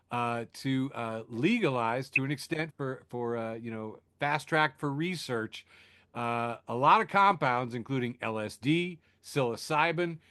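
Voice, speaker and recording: A man's voice: medium pitch, a bit bright, no room sound, studio quality. A man hosting a podcast, riffing sardonically through news, laughing at his own jokes, with lots of fillers and restarts. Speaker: podcast host. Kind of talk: casual news chat.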